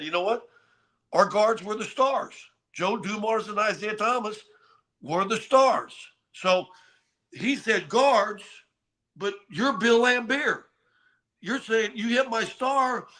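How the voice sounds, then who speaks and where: An older man tells sports stories on a talk show, his voice pitched a little high and strikingly bright and forceful. He is animated and keeps restarting his sentences with repeated words. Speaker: co-host.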